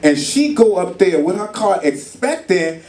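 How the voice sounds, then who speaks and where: A high-pitched, darkish male voice with big pitch swings speaks a little slowly in a sermon at a church retreat hall for a marriage retreat. His storytelling is casual and colloquial, with acted voices, captured in an echoey room with a distant mic.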